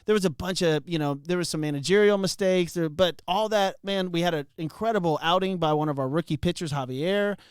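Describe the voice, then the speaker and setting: A man's voice: sits high, fairly quick, few pauses, clean tone, dry recording, studio quality. A man co-hosting a sports talk show, chatting enthusiastically with his co-hosts and laughing often.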